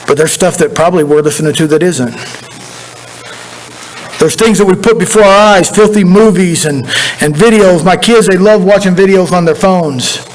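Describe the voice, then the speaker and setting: A man's voice: sits high, normal speed, poor audio. A man preaching a sermon as pastor, in a folksy, conversational way with repeated phrases. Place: church sanctuary.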